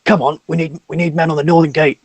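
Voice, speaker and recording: A man voicing a commanding male orc captain who shouts impatient orders in a tabletop game. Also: level tone, quick pace, breathy edge, no room sound. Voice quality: booming, commanding. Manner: barks orders.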